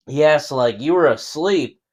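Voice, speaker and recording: A young man co-hosting a podcast, telling a story in casual chat, animated and swearing a lot. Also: a little high, measured pace. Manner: animated storytelling, heavy swearing, acts out reactions. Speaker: podcast co-host.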